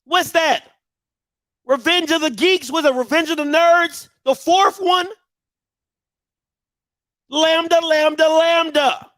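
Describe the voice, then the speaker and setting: High pitched guy in his 30s going off on a mocking rant, fires question after question, yells sometimes, dry close sound. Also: dry recording. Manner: mocking, rapid-fire rhetorical questions, bursts of shouting. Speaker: show host. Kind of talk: heated commentary rant.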